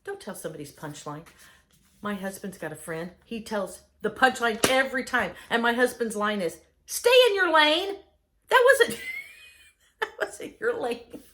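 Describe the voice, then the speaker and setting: A middle-aged woman chatting casually as host, an enthusiastic and animated storyteller. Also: mid-range voice, normal speed, a little hiss or hum. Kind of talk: casual chat.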